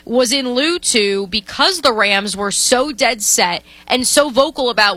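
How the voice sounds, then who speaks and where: A woman co-hosting a sports radio show, chatty and playful, often breaking off mid-sentence. Her voice is bright and sits a little high. The studio sound is close and dry. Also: animated, a little slow, hardly any pauses, no room sound. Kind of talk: casual sports talk.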